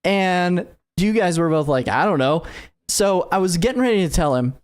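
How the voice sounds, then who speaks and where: A man's voice: high-pitched, lively intonation, moderate pace, clear, resonant tone. A man in his thirties, co-hosting a podcast in casual chat, telling a long story with lots of fillers and acted-out quotes. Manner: rambling storyteller, acts out quotes. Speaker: podcast co-host.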